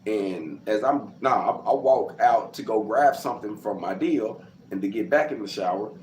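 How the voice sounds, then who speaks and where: Animated man telling stories. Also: on the low side, normal speed. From Arkansas. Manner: animated, acts out quotes and sound effects, gets loud. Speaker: host telling his life story. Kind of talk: casual storytelling to camera. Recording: roomy with faint background noise.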